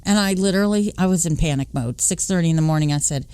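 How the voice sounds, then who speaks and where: A woman in her late fifties, a podcast host from the Philadelphia and New York area, telling a personal story in an animated way. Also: quick pace, smooth, no echo. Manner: animated, acting out dialogue with big pitch swings.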